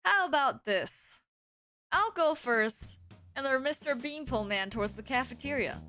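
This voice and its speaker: A woman's voice: high-pitched, animated, pushed and bright, faint music behind. A woman reading a visual novel aloud, voicing a flamboyant, charming male pigeon schoolboy who is theatrical and never bothered. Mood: playful. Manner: theatrical, drawn-out, flowery speech.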